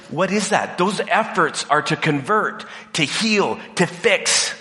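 A man giving an animated talk to an audience, acting out the voices of the people he quotes. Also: high voice. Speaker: speaker. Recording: long hall reverb.

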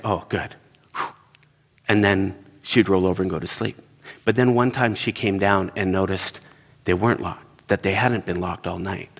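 This middle-aged man speaks on the low side as he preaches in a large church hall. Through sermon storytelling, he animatedly shares personal anecdotes and performs the quoted voices.

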